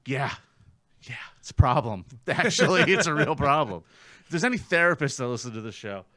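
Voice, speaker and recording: A man's voice: medium pitch, fairly quick, dry recording. Podcast guy telling a crime story, cussing a lot, voice bouncing all over, dead dry sound. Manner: profane, animated, acts out quotes. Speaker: podcast co-host. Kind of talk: comedic true-crime storytelling.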